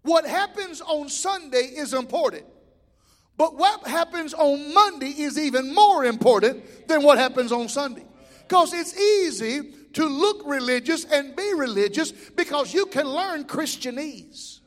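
A man preaching a sermon, folksy and building to shouted peaks. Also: very high-pitched, animated, measured pace. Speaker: pastor. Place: church sanctuary. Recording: church hall reverb.

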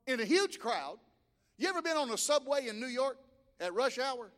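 A male pastor delivers an emphatic sermon in a church sanctuary. His voice sits very high and keeps rising and dropping in pitch and volume. A long reverb trails every phrase. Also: sing-song, normal speed, fairly bright tone. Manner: emphatic preaching with sudden rises and drops in pitch and volume.

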